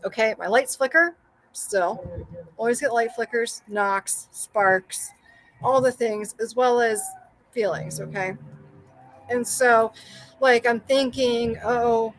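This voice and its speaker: A young woman telling a personal story in casual chat, rambling with lots of fillers and animated self-quoting. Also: on the high side, dry recording, rough recording. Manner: rambling, full of likes and you-knows, animated quoting. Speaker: podcast guest.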